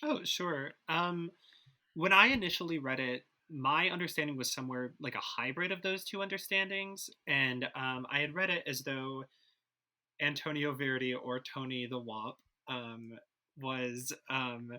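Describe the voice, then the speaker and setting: Bright-voiced man musing loosely. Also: medium pitch, a little slow. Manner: rambling, hedging with likes and ums. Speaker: podcast cast member. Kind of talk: casual discussion.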